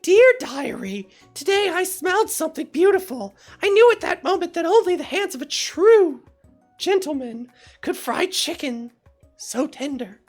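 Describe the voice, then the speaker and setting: A streamer voicing a catty schoolgirl who gushes in a high, sugary voice. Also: sing-song, a little slow, faint music behind, heavily acted. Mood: gushing. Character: catty schoolgirl rival turned sweet.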